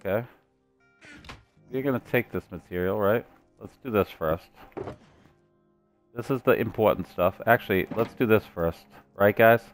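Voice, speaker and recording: A man streaming gameplay live, chatting to his viewers and cracking puns as he plays. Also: on the low side. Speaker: gaming streamer.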